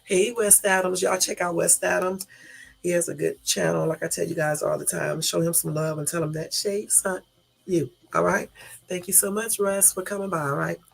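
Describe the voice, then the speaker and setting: Gravelly-voiced woman hosting a casual live. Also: on the low side, steady tone, normal speed. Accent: Southern US. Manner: chatty, loose, talks to chat viewers. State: groggy morning voice. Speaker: YouTube live host. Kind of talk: casual live-stream commentary.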